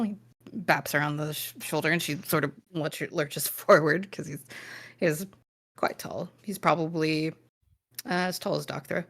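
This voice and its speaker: A woman's voice: sits low, fairly even intonation, unhurried, vocal fry, fairly bright tone. A woman narrating as game master of a tabletop game, rambling with many fillers and restarts.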